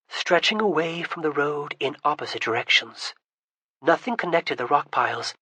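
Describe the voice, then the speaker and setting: A man doing steady scripted narration of a fantasy audiobook. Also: fairly high pitch, slightly rough, no room sound.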